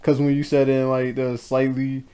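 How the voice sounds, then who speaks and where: A man's voice: medium pitch, completely flat delivery, normal speed, mellow. A man co-hosting a wrestling podcast, talking in a loose, rambling, slangy way. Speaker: podcast co-host. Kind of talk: casual wrestling podcast chat.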